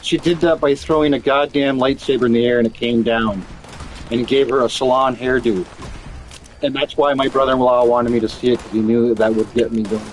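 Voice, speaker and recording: A man talking loosely over a game session, circling back on his own words and cursing freely. His voice sits at an ordinary middle pitch, with a faint hiss of background noise behind it. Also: steady tone, brisk, poor audio. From Canada. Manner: rambling, profane storytelling with many restarts. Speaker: streamer chatting while gaming. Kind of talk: casual chat.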